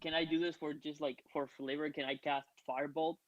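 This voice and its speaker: A man's voice: a little high, little pitch movement, fairly quick, no echo, highs cut off. A man playing a tabletop role-playing game, talking casually and swearing freely. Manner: casual, laid-back, swears. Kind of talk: casual in-character play.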